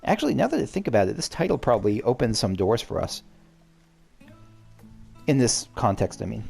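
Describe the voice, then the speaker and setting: A man with a gruff voice chatting his way through a story game, thinking out loud, restarting sentences and swearing now and then. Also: medium pitch, big pitch swings, fairly quick, soft background music. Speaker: gaming channel host. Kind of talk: let's-play commentary.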